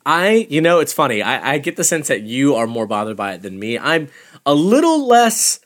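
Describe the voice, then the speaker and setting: A man co-hosting a podcast in casual chat, animated and profane, laughing often as he talks things over. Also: mid-range voice, normal speed. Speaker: podcast co-host.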